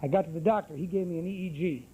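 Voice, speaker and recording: A man's voice: on the high side, rapid-fire, dark tone, a little hiss or hum, poor audio. A middle-aged man giving a brash, wisecracking personal testimony at a recovery group meeting. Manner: brash, salty storyteller with wisecracks.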